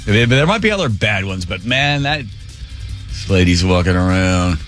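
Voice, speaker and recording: An animated male radio host chats casually on air, his voice leaping up and down as he tells a story. He drops into low mutters, then bursts out loudly. Faint music hums behind him. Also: normal speed. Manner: animated storyteller, swings between mutters and outbursts.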